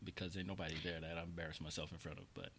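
A man in his thirties co-hosting a casual chat show, telling an animated story and swearing freely. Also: low-pitched, very fast, a little hiss or hum. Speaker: podcast co-host.

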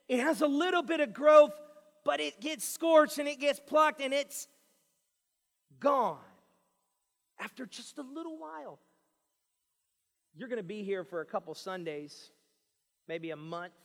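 A man preaching a sermon, pleading with his listeners and swinging between hushed lines and shouted ones. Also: high-pitched, long reverb tail.

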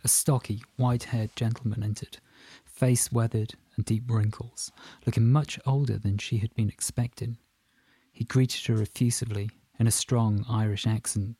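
A man narrating an audiobook in a measured, steady reading. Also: lowish voice, husky, no room sound.

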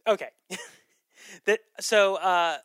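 Bright, crisp-voiced podcast host. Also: medium pitch, slow, no echo. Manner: chatty, laughs often, trails off with ums. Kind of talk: casual movie chat.

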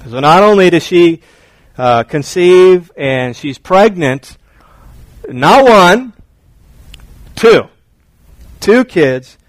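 High-voiced man preaching with animated humor. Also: dry recording, rough recording. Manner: animated, joking, acts out scenes. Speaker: pastor. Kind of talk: sermon.

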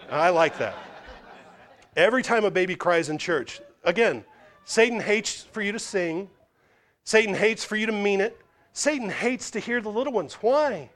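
Guy preaching, kinda high voice, asks questions then answers them, acts out the quotes. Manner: animated, acts out the quoted voices with big pitch swings; repeats phrases and answers his own questions. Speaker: pastor. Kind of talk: sermon.

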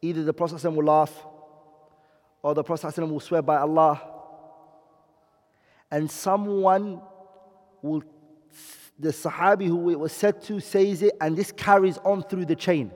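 A man lectures to a class in a fairly high voice, slowing down to explain and pausing to ask if everyone follows. His voice rings with long reverb from a large room. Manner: explains slowly, checks understanding with questions. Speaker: teacher.

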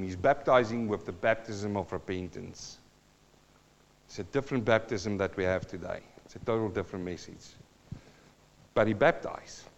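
Emphatic preacher man in a reverberant hall. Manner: emphatic, with big swings in loudness and pitch; wry, teasing asides. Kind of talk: sermon. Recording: long hall reverb, dull lo-fi sound.

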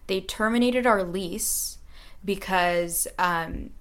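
A student in her late teens tells her story in a casual radio interview, earnest and chatty with frequent fillers. She's a young woman with a mid-range voice who speaks at a slow pace.

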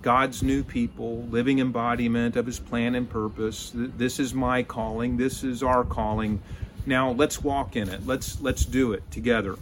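A man's voice: medium pitch, fairly even intonation, slight background noise. A man from Texas, giving an earnest sermon and often stumbling over the starts of words. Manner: halting, repeats word starts, earnest. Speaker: lay preacher.

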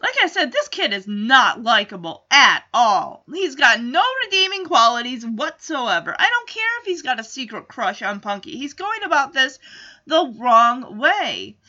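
A woman's voice: fairly high pitch, big pitch swings, a little slow, pushed and bright. A woman casually recapping a TV episode, telling the story with strong, outspoken opinions. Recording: slightly dull lo-fi audio.

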